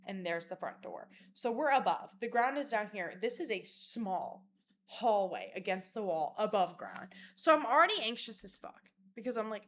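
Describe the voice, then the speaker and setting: A young woman telling a story in a vlog, animated, dramatic and full of swearing. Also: a little high, normal speed, slight background noise.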